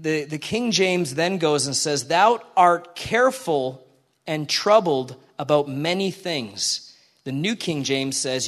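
High-pitched guy preaching in church, chatty and lively, keeps asking the crowd stuff. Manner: conversational, animated, asks the congregation questions. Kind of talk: sermon.

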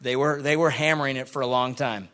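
A man preaching to his church, reading scripture aloud and acting out the people in the story with lively commentary. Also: medium pitch, fast talker. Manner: animated, acts out the people in the Bible story. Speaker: pastor.

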